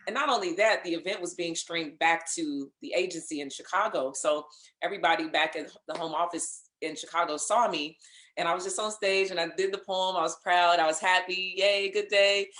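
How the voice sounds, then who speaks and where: A woman being interviewed, telling a lively story in casual conversation, acting out what others said and laughing along. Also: lowish voice, fairly quick, echoey room. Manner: animated storyteller, acts out others' lines, laughs. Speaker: interview guest, singer and voice actor.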